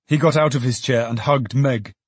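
Man, audiobook narrator, expressive, husky, dry recording. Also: mid-range voice, moderate pace, dry recording. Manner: expressive storyteller, lively.

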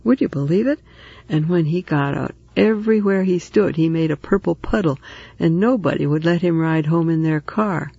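A man's voice: fairly high pitch, normal speed, vocal fry, mellow, husky, dry recording, lo-fi sound. A man voicing a talkative, motherly woman neighbor who comforts and teases in a storybook reading. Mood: chatty.

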